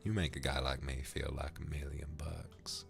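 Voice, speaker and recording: A man's voice: extremely low pitch, flat delivery, normal speed, gravelly, over music, heavily acted. A man putting on a drawling Texan cowboy. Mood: flirtatious. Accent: put-on Texan. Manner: drawling, sweet-talking, calls everyone darling. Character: flirtatious smooth-talking Texan cowboy man. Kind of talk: character voice on a livestream.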